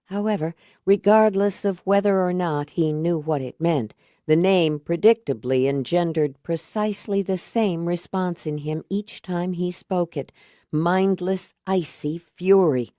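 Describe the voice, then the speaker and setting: Low-voiced woman narrating horror. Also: unhurried, warm tone, no room sound, studio quality. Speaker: audiobook narrator.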